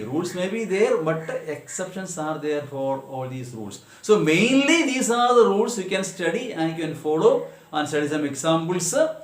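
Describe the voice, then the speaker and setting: A man's voice: fairly high pitch, echoey room. A man teaching English grammar with an Indian English accent, reading example words with careful, exaggerated stress and checking in with his students. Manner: slow and deliberate, checks in with "Okay, na?". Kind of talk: recorded grammar lesson.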